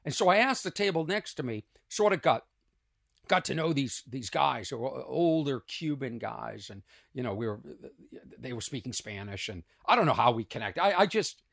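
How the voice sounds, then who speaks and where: A man's voice: on the high side, lively intonation, moderate pace, vocal fry, fairly bright tone. A middle-aged male comedian hosting a casual solo podcast, telling rambling stories full of self-mocking brags.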